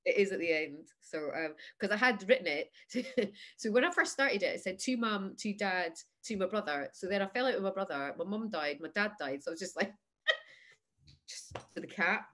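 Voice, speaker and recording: A woman's voice: mid-range voice, animated, normal speed, fairly bright tone. Woman in her fifties, podcast guest, chatty storyteller, laughs a lot, does little voices in anecdotes. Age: 50s. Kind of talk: casual chat.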